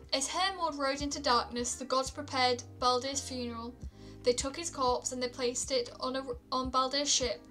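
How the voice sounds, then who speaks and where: A woman reading myths aloud on a stream, calm, with small stumbles and restarts. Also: sits high. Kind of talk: storytelling read-aloud.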